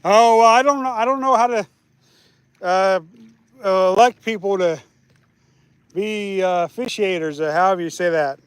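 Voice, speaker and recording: Man with a high voice, easygoing rambling streamer, chatting to viewers while fishing outdoors. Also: moderate pace, pauses often, smooth, dry recording. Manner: easygoing, rambling, restarts often. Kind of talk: casual live stream chat. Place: outdoors by a lake.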